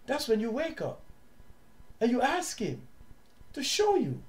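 A man with a southern African accent teaching his audience in an impassioned, preachy way, sometimes loud and sometimes hushed. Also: high voice, big pitch swings, normal speed. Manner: preachy, repeats words, shifts from loud to hushed. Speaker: online teacher and host.

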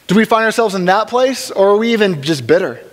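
A man teaching a church Bible study in a relaxed, conversational way, with joking asides and frequent restarts. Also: high voice, fast. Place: church hall. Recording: long reverb of a large hall.

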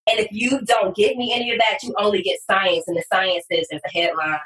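Woman copywriter guest, animated, emphatic, far from the mic, roomy echo. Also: medium pitch, fairly quick. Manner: animated and emphatic, with sudden loud bursts. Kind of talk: casual podcast conversation. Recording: distant, echoey room sound.

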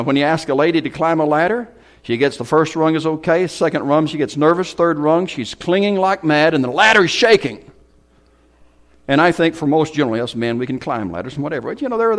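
Dramatic preaching man, loud then hushed. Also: on the high side. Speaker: pastor. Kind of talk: sermon. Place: church hall.

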